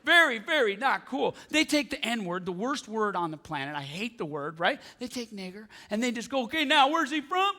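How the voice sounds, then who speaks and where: A male stand-up comedian performing on a theatre stage, ranting in an animated voice that often rises to a shout. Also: high-pitched, moderate pace, hardly any pauses.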